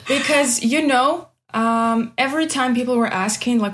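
A woman from Kabardino-Balkaria, a guest on a video call, who tells her story in an emotional, expressive way. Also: on the high side, moderate pace. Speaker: guest, former scholarship student. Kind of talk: casual interview over video chat.

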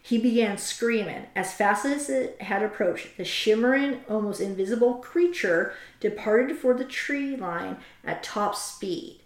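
A woman's voice: medium pitch, lively intonation, a little slow, few pauses. A woman hosting a casual chat, animatedly retelling a story and reading quotes aloud from a book. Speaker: host. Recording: roomy echo.

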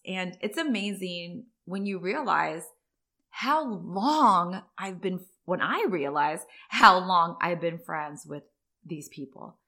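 A woman in her forties tells rambling personal stories in casual conversation. Her voice sits a little low but sounds bright and forward, and she leaps higher when something excites her. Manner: chatty, rambling, with tangents.

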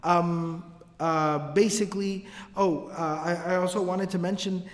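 A man giving a casual religious lecture, telling the story in an animated way with slangy asides. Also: sits high, measured pace. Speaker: religious teacher. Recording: long hall reverb.

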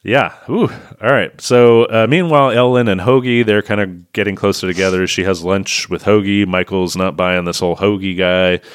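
A man co-hosting a podcast, recapping a movie in a sarcastic, animated way. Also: low voice, normal speed, hardly any pauses, clear, resonant tone, dry recording, studio quality. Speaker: podcast co-host. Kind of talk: casual movie review chat.

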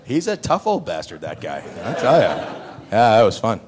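A man, an actor answering fan questions on a panel, telling stories in a lively way, acting out other people's lines and laughing often. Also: normal speed, a little hiss or hum. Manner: animated, acts out other people's lines with loud jumps in pitch. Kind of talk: panel Q&A storytelling.

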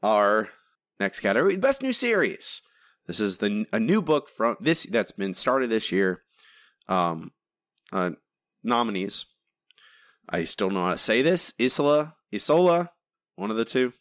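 A man co-hosting a podcast in casual chat, rambling and animated, jumping up in pitch when he mimics others. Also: a little slow, long pauses, no room sound, studio quality. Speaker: podcast co-host.

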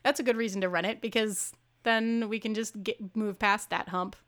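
A young woman co-hosting a podcast in playful, expressive casual chat, giggling often. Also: medium pitch, moderate pace. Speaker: podcast co-host.

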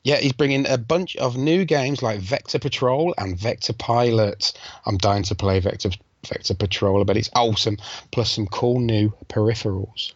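A man co-hosting a podcast with dry, teasing quips, at a middle pitch. The recording is dead and dry, with a dull, muffled tone. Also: moderate pace, dry recording. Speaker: podcast co-host. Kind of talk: casual chat, reading out event news.

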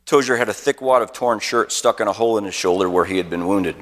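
A man's voice: on the low side, quick pace, big-room sound. A man, a pastor, preaching a sermon by telling a battle story with vivid dramatic narration. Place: church auditorium.

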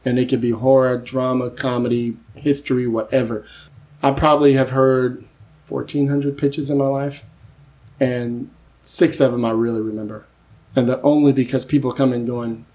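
Male screenwriter, podcast guest, mid-pitched, chatty animated storyteller who acts out his anecdotes. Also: normal speed. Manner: lively storyteller who acts out quoted voices; keeps asking "you know what I mean?". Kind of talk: casual podcast conversation.

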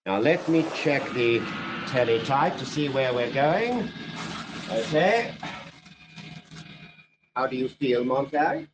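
A smooth-talking fire captain who never stops needling. His voice sits at a middling pitch but rises and falls a great deal as he quotes poets and teases. The manner is theatrical and sly. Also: lively intonation, slow, long pauses, noisy background. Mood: brisk. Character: silky, mocking male fire captain who loves quotations. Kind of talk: vintage radio drama acting.

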